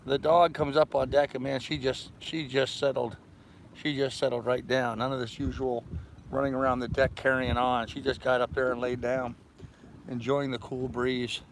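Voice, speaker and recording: A man's voice: medium pitch, little pitch movement, normal speed, gravelly, rough recording. An older man chatting casually on a live stream from his sailboat, rambling along and greeting viewers by name. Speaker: vlogger doing a live stream. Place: aboard a sailboat. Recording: loud wind noise on the mic. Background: wind and boat ambience.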